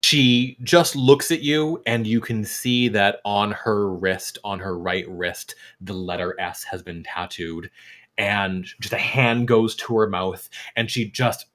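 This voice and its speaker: A man narrating a tabletop game as game master, relaxed and rambling with filler words. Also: mid-range voice.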